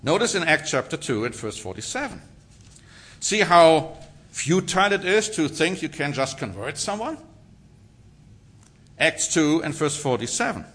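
Male preacher, bright, forceful voice, emphatic sermon delivery, rhetorical questions. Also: on the high side, big pitch swings, a little slow, pauses often, husky. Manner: emphatic, rhetorical questions, reads scripture aloud.

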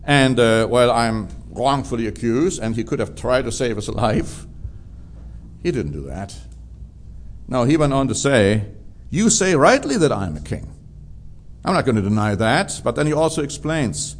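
A man's voice: medium pitch, sing-song, moderate pace. A man preaching a sermon, drawing out key words for emphasis.

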